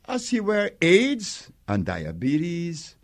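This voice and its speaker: A man's voice: a little high, huge pitch swings, drawn-out words. An older man being interviewed, telling stories with emphasis and acting out quoted exchanges, laughing often. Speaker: interviewee, herbal healer. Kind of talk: conversational interview storytelling.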